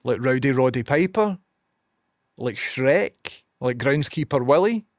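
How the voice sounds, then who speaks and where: A man's voice: mid-range voice, expressive, measured pace, no echo, studio quality. A man with a Scottish accent chatting casually to his stream, swearing and joking as he tells stories and reads messages. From Scotland.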